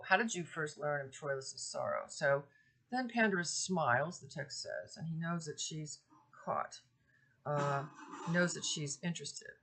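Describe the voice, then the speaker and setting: A woman giving a relaxed literature lecture, explaining a medieval poem and pausing often with ums and uhs. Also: sits low. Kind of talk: informal recorded lecture.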